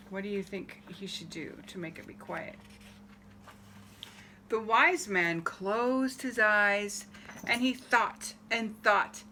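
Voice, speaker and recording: Here a woman in a mid-range voice reads to children from a picture book, taking it slowly over a faint hiss or hum. She performs the tale with animation and keeps asking her audience questions.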